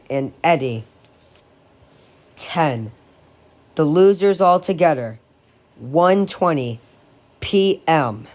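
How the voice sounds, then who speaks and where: A woman reading a horror novel aloud in a measured, steady way. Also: low-pitched. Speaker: audiobook reader.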